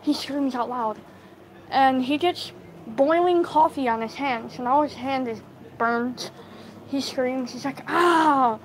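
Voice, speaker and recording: A woman telling a story casually to live viewers on her phone, halting, with many fillers and restarts. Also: sits high, darkish tone, slight background noise, low-quality recording. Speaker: livestream storyteller.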